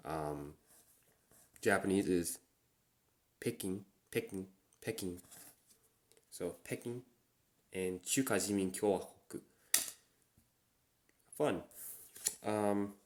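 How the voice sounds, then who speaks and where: A man hosting a relaxed solo chat, slowly repeating Japanese words as he teaches them. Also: sits low. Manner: relaxed, slow and repetitive when pronouncing words. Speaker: podcast host.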